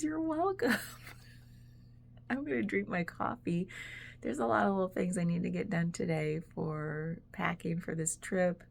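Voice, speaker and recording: A woman's voice: mid-range voice, gravelly, darkish tone. A woman vlogger talking in a casual, rambling way, full of "like"s and easy laughs. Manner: rambling, chatty, laughs often, many "like"s. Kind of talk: casual reflective monologue.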